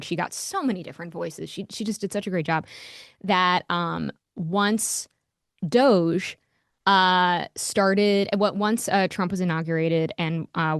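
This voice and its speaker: A woman's voice: lowish voice, no room sound, studio quality. A young adult woman hosting a podcast, talking casually in a heated, frank way, swearing and using lots of "like". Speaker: podcast host. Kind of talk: casual monologue.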